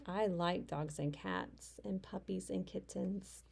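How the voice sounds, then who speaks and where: A woman teacher reading a picture book aloud to young children, asking them questions and sometimes dropping into soft whispers. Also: medium pitch, very animated, unhurried, creaky, hardly any pauses, breathy edge.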